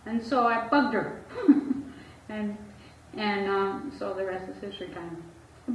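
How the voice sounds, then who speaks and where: A woman therapist speaking candidly to an audience about her own life. She talks openly and laughs often. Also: mid-range voice. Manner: frank, laughs often, acts out quoted voices. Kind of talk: candid personal talk to an audience. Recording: echoey room, far from the mic, dull and lo-fi.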